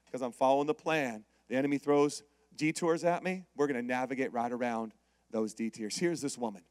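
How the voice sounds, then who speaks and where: A man preaching a sermon, telling a story with lively call-outs to the congregation. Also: mid-range voice, brisk, smooth, no echo. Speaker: pastor.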